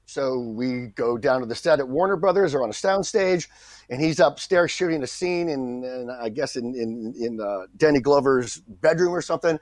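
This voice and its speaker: A middle-aged man, a guest actor on a podcast, telling a story in a lively way, acting out the people he quotes and often restarting his sentences. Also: a little high, moderate pace, dry recording. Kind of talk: anecdotal storytelling in a podcast interview.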